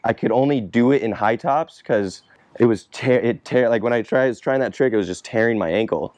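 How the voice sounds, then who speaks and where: A man's voice: medium pitch, brisk, darkish tone, no echo. A young man in casual chat, answering fan questions about skateboarding in a loose, rambling way, swearing freely and laughing often.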